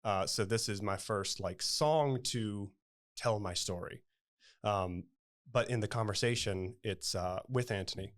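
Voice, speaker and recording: A man's voice: on the low side, measured pace, fairly bright tone. A man stage actor talking in an interview, thoughtful and hesitant with many fillers. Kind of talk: casual interview chat.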